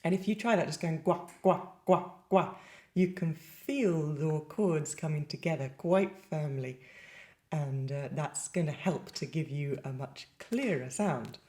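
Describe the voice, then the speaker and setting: A woman's voice: low voice, a little slow, mellow. A woman giving a singing lesson in a chatty, lightly playful way, with sung demonstrations. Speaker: singing teacher.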